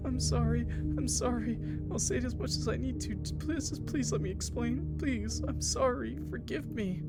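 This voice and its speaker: Man doing a sobbing young woman in falsetto. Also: normal speed. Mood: tearful. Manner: high shaky falsetto, desperate apologies. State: crying. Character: sobbing young woman pleading with her mother. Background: loud game music.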